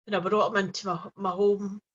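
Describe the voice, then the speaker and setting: Soft-spoken woman telling a story, lo-fi. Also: mid-range voice, level tone, a little fast. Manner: gentle, rambling, with frequent restarts and soft fillers. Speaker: host. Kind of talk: casual personal storytelling to camera. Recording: dull lo-fi recording.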